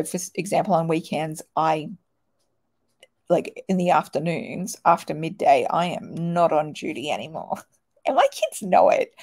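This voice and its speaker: Aussie lady in her 40s chatting w viewers, husky gravelly voice, laughs a lot. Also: fairly low pitch, darkish tone. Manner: chatty, laughs often, swears casually. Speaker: host answering viewer questions. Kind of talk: casual chat.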